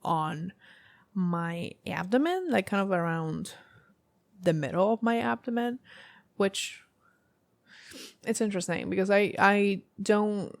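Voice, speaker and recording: A woman's voice: mid-range voice, slow pace, gravelly, long pauses, dry recording. A woman giving a casual tarot reading to camera, rambling and thinking aloud with many fillers. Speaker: tarot reader.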